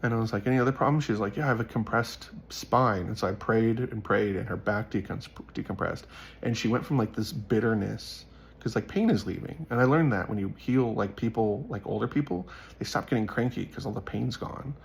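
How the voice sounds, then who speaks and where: Low, gravelly man talking earnestly. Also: fairly quick. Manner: earnest and rambling, many fillers. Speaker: faith vlogger. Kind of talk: casual monologue to viewers.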